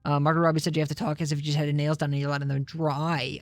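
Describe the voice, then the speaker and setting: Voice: mid-range voice, flat delivery, rapid-fire, hardly any pauses, no echo. A game streamer chatting casually with viewers, swearing often and rambling in a self-deprecating way. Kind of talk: casual live-stream chat while gaming.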